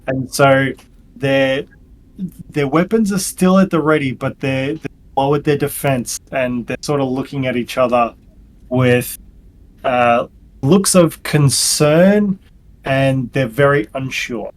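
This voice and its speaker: A man narrating as game master for a tabletop game, halting with frequent ums and restarts. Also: medium pitch.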